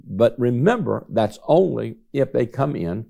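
A man's voice: medium pitch, sing-song, measured pace, vocal fry, warm tone. A man preaching a Bible teaching sermon, stretching out key words for emphasis.

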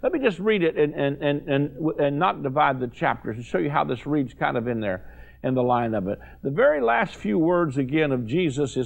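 A man's voice: fairly high pitch, big pitch swings, moderate pace, gravelly. A man preaching a sermon, paraphrasing scripture in folksy, casual slang. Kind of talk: sermon to a watching audience.

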